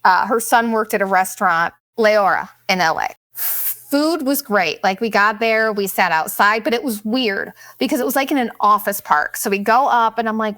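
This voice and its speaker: A woman's voice: mid-range voice, fairly bright tone, no room sound, studio quality. A middle-aged woman telling candid, profane stories in a casual chat, often putting on voices to quote people. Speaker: vlogger. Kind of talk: casual storytelling monologue.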